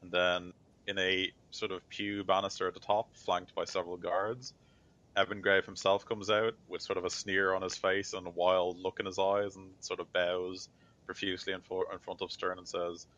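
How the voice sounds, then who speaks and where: A man's voice: low-pitched, flat delivery, normal speed, a bit bright. A man narrating as game master of a tabletop game, speaking in a loose style with many fillers. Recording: slightly dull lo-fi mic.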